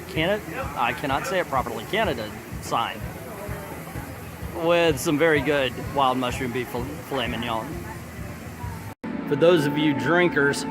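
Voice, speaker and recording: Male vlogger, slightly high voice, jokey and chatty, outdoor festival, loud music behind. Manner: jokey, chatty, reads menu items aloud. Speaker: vlogger host. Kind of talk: casual food vlog chat. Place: outdoors at a busy theme park food festival. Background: music playing nearby.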